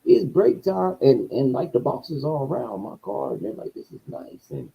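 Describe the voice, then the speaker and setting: A man telling a profane story in a casual rant, his voice swinging between low mutters and loud outbursts. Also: big pitch swings, moderate pace, vocal fry, muffled recording, a little hiss or hum. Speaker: streamer.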